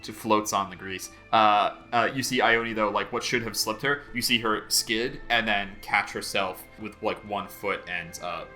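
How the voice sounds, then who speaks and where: A man's voice: lowish voice, fairly even intonation, measured pace, hardly any pauses, pushed and bright, soft background music. A man acting as game master, narrating a tabletop game with vivid scene descriptions and checking rules with his players.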